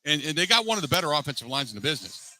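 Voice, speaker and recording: Sports radio host guy, sharp bright voice, keeps repeating and restarting, fired up. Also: on the high side, big pitch swings, rapid-fire, no echo, rough recording. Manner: emphatic, repeats himself, restarts often. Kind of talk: post-game call-in show.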